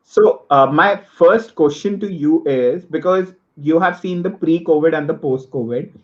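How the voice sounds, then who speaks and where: A man's voice: fairly high pitch, a little slow, lo-fi sound. A male host of a live online interview, polite and formal, reading audience questions.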